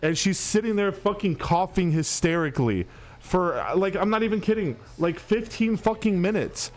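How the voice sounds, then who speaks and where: A young man with a high, animated voice speaks at normal speed while hosting a stream. He tells a long, rambling, profane story to chat, restarting often, with faint music behind him.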